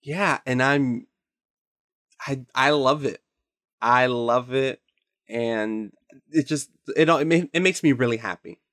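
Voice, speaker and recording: A man's voice: mid-range voice, takes it slowly, long pauses, no echo. Young guy cohosting a movie podcast, gets hyped, laughs a lot, dry close mic. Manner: excitable, laughs a lot, swears. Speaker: podcast co-host. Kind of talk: casual movie podcast chat.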